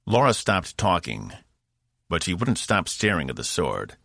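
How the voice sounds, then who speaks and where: A man narrating a science fiction audiobook in a measured storytelling voice. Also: low-pitched, very animated, vocal fry, fairly bright tone, dry recording, studio quality. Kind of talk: scripted narration.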